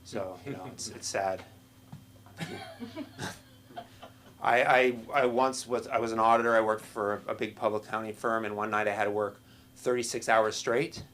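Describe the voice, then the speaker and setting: A middle-aged man doing a stand-up set at an open mic in a small comedy club, with a halting, self-deprecating delivery full of restarts. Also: lowish voice, steady tone, fairly bright tone, slight background noise.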